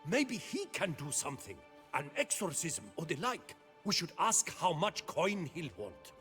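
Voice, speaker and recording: An actor playing a panicky, superstitious quarry worker who rambles in an alarmed way in a video game. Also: male voice, on the high side, big pitch swings, measured pace, a bit bright, soft background music.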